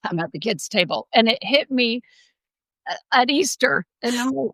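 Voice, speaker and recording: A middle-aged woman tells stories in easygoing podcast chat, laughing often and acting out what people said. Her voice is bright and sits fairly high. The sound is close and dry, with no room around it. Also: brisk, vocal fry, dry recording, low-quality recording. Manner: animated storyteller, laughs often, acts out quotes. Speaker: podcast co-host. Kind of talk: casual chat.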